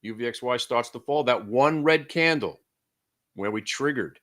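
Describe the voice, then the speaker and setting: A middle-aged man giving brash, joking live commentary as host of a day trading stream, his voice rising and falling in loudness as he gets excited. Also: mid-range voice, moderate pace.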